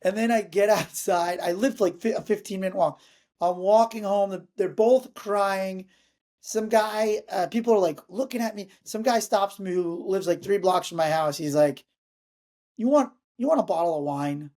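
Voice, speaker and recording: A man's voice: high voice, normal speed. A man in his thirties, a comedian guest, telling a story in casual chat with lots of energy. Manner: energetic, acts out other people's lines.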